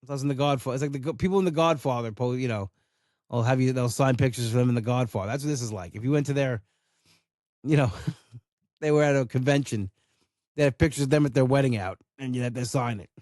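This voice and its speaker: A man hosts his own podcast alone, griping bluntly and casually with plenty of swearing. His voice sits at an ordinary middle pitch. The recording is dry and close, with no room sound. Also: fast talker, a little mellow, no echo. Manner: ranting, blunt and profane. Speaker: podcast host. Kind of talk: casual solo rant.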